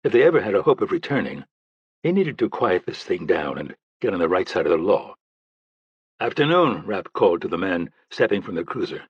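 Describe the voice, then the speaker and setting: A male audiobook narrator reading a thriller in a steady, even manner. His low voice has a husky grain. The recording is close and dry, slightly dull in tone. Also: brisk, dry recording.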